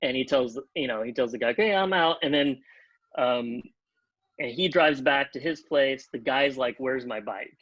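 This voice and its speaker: A man telling a long anecdote on a podcast, animated, acting out the other people in pitched-up voices and leaning on "like" as he talks. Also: moderate pace, no echo, muffled recording. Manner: animated, acts out quotes in pitched-up voices, many "like" fillers. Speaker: podcast guest, TV comedy writer. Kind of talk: casual storytelling.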